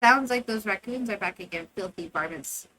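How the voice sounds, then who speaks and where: A woman voicing a gruff old man who lives off scraps, grumbling as she reads game dialogue aloud. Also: medium pitch, normal speed, bright, forceful tone, a little hiss or hum, voice pushed down, close to an everyday voice, low-quality recording.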